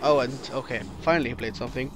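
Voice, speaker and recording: Against a noisy background, a medium-pitched man speaks fast while commentating his card game run. As a let's play host, he works through his thoughts aloud, catches himself mid-sentence, and critiques his opponent's plays.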